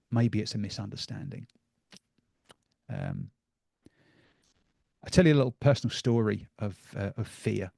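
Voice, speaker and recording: A man's voice: fairly low pitch, vocal fry, mellow, no room sound, clean studio sound. A middle-aged man giving a live talk to an audience, conversational and full of ums and repeated words.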